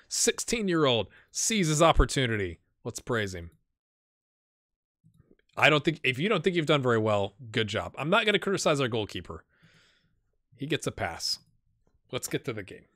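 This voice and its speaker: A man chats his way through a live game stream, musing aloud as he clicks through menus. His voice is bright and forward, and the sound is dry and close, with no room behind it. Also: mid-range voice, sing-song, moderate pace, no echo. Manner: chatty, talks to himself while playing. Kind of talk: casual live-stream commentary.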